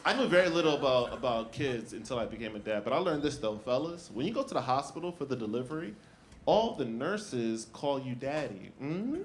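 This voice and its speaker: A young man performing a stand-up comedy set, telling stories with lively shifts and jumping high for quoted lines. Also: a little fast, heavy background noise. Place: comedy club stage with laughing audience. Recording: echoey club room, loud crowd laughter.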